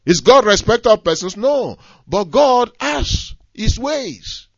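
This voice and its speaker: High-voiced man preaching with dramatic swings. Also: very animated, takes it slowly, gravelly, breathy edge, no room sound, dull audio. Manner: dramatic swings from near-hushed to shouting; repetitive, emphatic preaching. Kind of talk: sermon.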